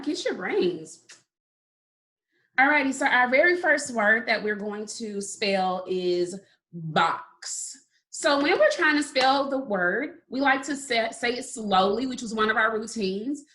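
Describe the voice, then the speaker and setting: A woman teaching a phonics lesson to young children, sounding words out slowly and praising often. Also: fairly high pitch, pushed and bright. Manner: slow, drawn-out sounding out of words; encouraging, repeated praise. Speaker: kindergarten teacher.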